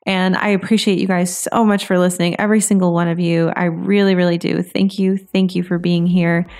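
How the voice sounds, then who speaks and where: Woman coach doing a solo podcast, kinda low and gravelly, chill encouraging ramble. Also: little pitch movement, a little fast, darkish tone. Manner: encouraging, loose, heavy on "you know" and "like".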